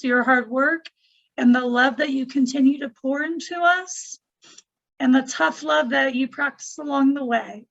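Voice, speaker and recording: Gravelly high-voiced woman, heartfelt. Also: fairly bright tone, muffled recording. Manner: heartfelt, near tears. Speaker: team member. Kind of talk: emotional tribute on a call.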